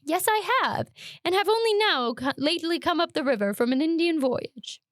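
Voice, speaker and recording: Woman doing a blunt, gruff sailor. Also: very high voice, lively intonation, moderate pace, no room sound, clean studio sound, voice pushed up. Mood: indignant. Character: blunt, gruff seafaring man, quick to anger. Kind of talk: dramatic read-aloud.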